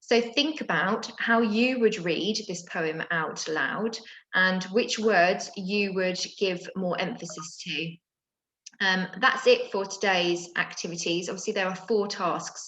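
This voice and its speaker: A woman's voice: on the low side, measured pace, a bit bright, reverberant, poor audio. Patient teacher explaining to children, woman. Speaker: primary school teacher. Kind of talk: recorded remote lesson. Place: home.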